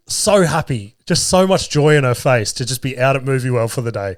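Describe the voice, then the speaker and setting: Speaking fairly quickly at a medium pitch, this Australian podcast host in his thirties swears casually and laughs a lot as he shares family stories. The audio is studio quality, with no room sound.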